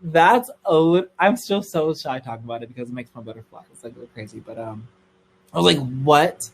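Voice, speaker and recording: A young man telling a story on a livestream in a casual, gossipy way, swearing freely and squealing high when excited. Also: fairly quick, gravelly, husky, rough recording.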